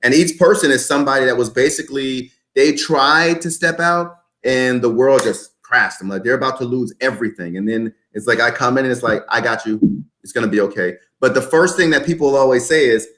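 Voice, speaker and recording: A man in his twenties, appearing as a podcast guest, drives his points home again and again in motivational-speaker style. He speaks briskly in a mid-range voice with a fairly bright tone.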